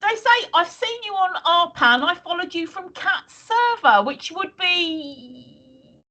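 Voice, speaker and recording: A woman's voice: extremely high pitch, lively intonation, takes it slowly, bright, forceful tone. A woman from the UK co-hosting a live stream, chatting casually and rambling with many restarts. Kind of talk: casual chat reading viewer comments.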